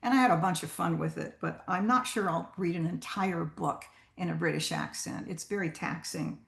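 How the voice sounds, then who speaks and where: A woman's voice: lowish voice, normal speed, vocal fry, a bit bright, roomy sound. A woman voice actor talking casually to a writers' group about narrating audiobooks, chatty and full of restarts. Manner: chatty, with many fillers and restarts.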